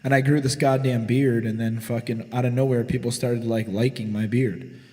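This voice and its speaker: A man's voice: medium pitch, fairly even intonation, normal speed, darkish tone, in a large hall. Profane, swaggering forty-year-old man in a garage. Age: 40s. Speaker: podcast co-host. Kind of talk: casual storytelling chat.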